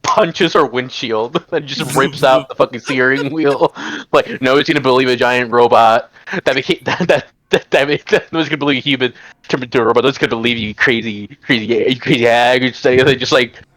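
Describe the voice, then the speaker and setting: A man's voice: mid-range voice, brisk, fairly bright tone, no room sound. A man playing in a tabletop role-playing game over a voice call, rambling, laughing a lot, swearing and tripping over his words. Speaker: player. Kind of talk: casual play chatter on a voice call. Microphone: voice call microphone.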